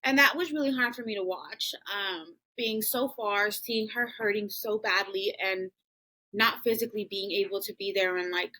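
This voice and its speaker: A woman's voice: mid-range voice, normal speed, sharp tone, low-quality recording. A woman hosting a podcast, telling a personal family story in a casual, chatty way full of "um" and "like". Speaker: podcast host.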